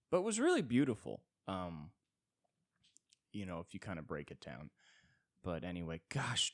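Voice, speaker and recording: Young american man, deep low voice, wry rambling monologue, dry close sound, podcast host. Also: dry recording. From United States. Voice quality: rambling, wry, self-deprecating. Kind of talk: solo comedic monologue.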